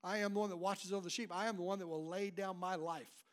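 A man's voice: sits high, steady tone, fast talker. A man preaching an emphatic sermon as pastor, often repeating and restarting his words.

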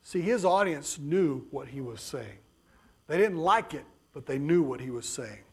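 A man preaching a sermon emphatically, dropping to soft low passages and then rising to raised bursts. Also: expressive, unhurried, breathy edge.

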